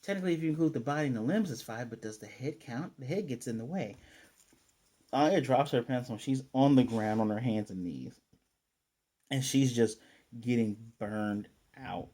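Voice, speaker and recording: A man's voice: medium pitch, lively intonation, normal speed, mellow. A man casually recapping an anime episode, chatty and self-correcting, with playful asides. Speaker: anime reviewer.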